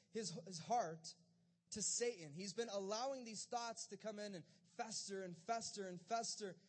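A man preaching a casual, conversational sermon, retelling scripture and acting out the disciples' lines in everyday speech. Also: sits high. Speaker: pastor.

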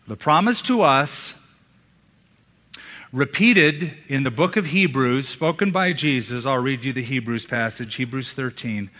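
Male preacher, bright forceful voice, emphatic sermon, long church reverb. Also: mid-range voice. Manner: emphatic, dramatic pauses, drops to hushed tones. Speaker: pastor. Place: church sanctuary.

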